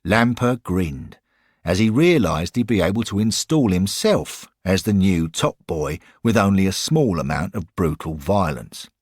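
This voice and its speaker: Deep husky guy narrating a story, dry close sound. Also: expressive, no echo. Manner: measured storytelling. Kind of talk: scripted audio story narration.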